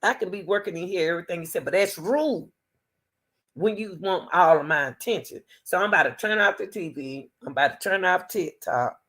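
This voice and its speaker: A woman in a low voice. She talks to camera as a channel host, playful and teasing, and often laughs and calls people baby and sweetie. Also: fairly quick, fairly bright tone. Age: 60s. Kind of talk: casual talk to camera.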